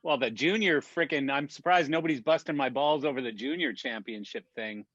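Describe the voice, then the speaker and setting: A man's voice: mid-range voice, a little fast, fairly bright tone. A man spins loose, profane anecdotes on a video call, laughing through them. His mid-range voice comes across muffled and lo-fi. There is no room reverb at all. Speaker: regular on a weekly industry chat. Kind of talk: casual chat, storytelling. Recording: dull dry video-call audio.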